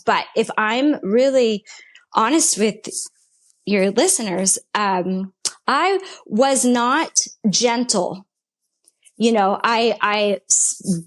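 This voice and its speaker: A woman guest giving an earnest, emphatic personal faith testimony in conversation, speaking in short repeated phrases. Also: a little high. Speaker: podcast guest.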